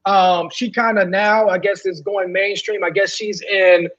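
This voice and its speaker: Woman, podcast co-host, casual chat, halting with fillers, dull lo-fi audio. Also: mid-range voice, steady tone, a crowd in the background. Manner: hesitant, many fillers and restarts. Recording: dull lo-fi sound.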